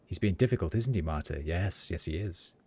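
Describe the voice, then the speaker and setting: A man's voice: deep voice, animated, fairly quick, husky, heavily acted. A man voicing a half-mad old woman seamstress who mutters to herself in a sing-song way. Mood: muttering. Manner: sing-song, talks to herself, cackling scolding.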